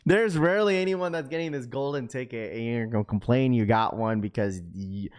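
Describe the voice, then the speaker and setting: Slangy young man bantering with chat. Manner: reads viewer comments aloud and banters with chat, slangy; gets loud and high when worked up. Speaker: livestream host. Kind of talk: casual live-stream chat.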